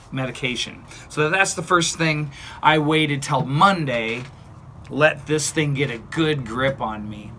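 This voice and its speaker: Bright-voiced chatty man in his fifties. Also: mid-range voice, a little hiss or hum. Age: 50s. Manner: chatty and blunt, with playful asides. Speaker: vlogger. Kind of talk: casual personal story to camera.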